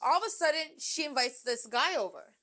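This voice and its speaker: A young woman co-hosting a podcast, telling a story in casual chat, animated and swearing, acting out quotes. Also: sits high, a little fast. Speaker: podcast co-host.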